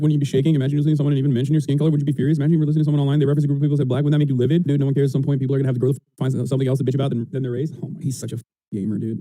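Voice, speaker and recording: A man's voice: on the high side, warm tone, no echo. A man streamer giving argumentative, sarcastic commentary on clips. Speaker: political streamer.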